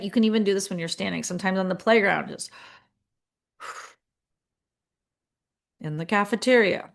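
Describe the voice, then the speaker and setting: A middle-aged woman with a fairly low voice gives a relaxed coaching talk to school leaders. She keeps it conversational, full of fillers, and slips into acting out the thoughts she describes. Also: vocal fry. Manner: conversational, acts out inner voices, lots of fillers.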